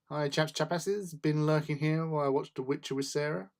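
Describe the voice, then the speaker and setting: A man's voice: a little high, fairly even intonation, fairly quick. A man hosting a casual hobby stream, chatting and answering viewers while he builds models. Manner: chatty, reads out and answers chat, jokey asides.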